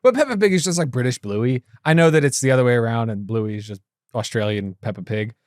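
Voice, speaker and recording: A man co-hosting a movie podcast, excitable and quick to laugh in casual banter. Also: medium pitch, no room sound, studio quality. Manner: animated, laughs a lot, excitable. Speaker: podcast co-host.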